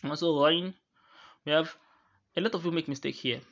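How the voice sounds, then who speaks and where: Bright-voiced man teaching recitation rules. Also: on the high side, creaky, dull audio. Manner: halting, with restarts, slowly drawing out each recited example. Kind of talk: explaining tajweed rules to students.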